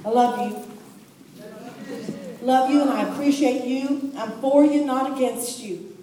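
A woman's voice: high-pitched, unhurried, dark tone. A woman preaching a sermon with fervent, emphatic delivery and casual, down-home phrasing. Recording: distant voice in a large echoing hall.

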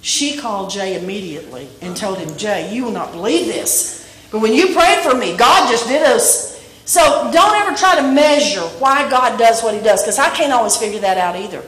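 A woman preaching a sermon in church, telling a story and rising to shouts on key points. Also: on the high side, animated, moderate pace. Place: church sanctuary. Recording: echoey room from far off.

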